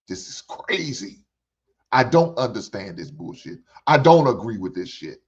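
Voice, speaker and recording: On a dull, lo-fi recording, an older male reaction-show host rants with plenty of profanity and preaches in repeated phrases. His husky voice is fairly low, swings widely in pitch, and moves at a measured pace.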